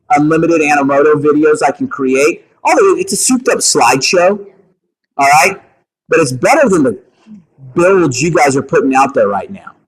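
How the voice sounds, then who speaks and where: A man leading a meeting for real estate agents, coaching them in an energetic way and often checking in with the room. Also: mid-range voice, slightly rough, rough recording. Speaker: meeting leader at a realty office.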